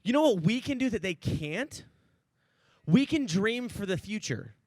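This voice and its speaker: A man's voice: sits high, big pitch swings, measured pace, no echo. A man in his thirties preaching a casual, joking sermon, chatty with lots of asides and "right?" checks. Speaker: pastor.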